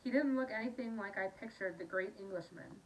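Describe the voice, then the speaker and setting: A woman's voice: mid-range voice, fairly quick. A Scottish woman casually reading a novel aloud, with chatty asides and slips over words. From Scotland. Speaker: audiobook reader. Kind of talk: casual amateur audiobook reading. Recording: slightly distant mic, faint noise.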